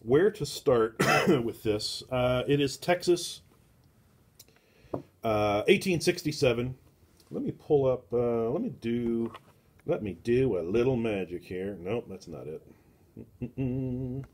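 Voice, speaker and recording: A middle-aged man hosts a casual comic book review at an unhurried, drawn-out pace. He rambles, stops and restarts, and pads his thoughts with plenty of filler words. His voice sits at an ordinary pitch for a man. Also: expressive, darkish tone. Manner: slow and deliberate. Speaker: book club host.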